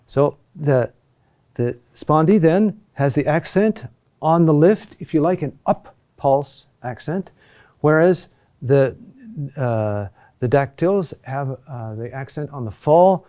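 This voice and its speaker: A man teaching a recorded lesson on chant rhythm, talking deliberately with pauses and "huh?" checks. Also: medium pitch, mellow.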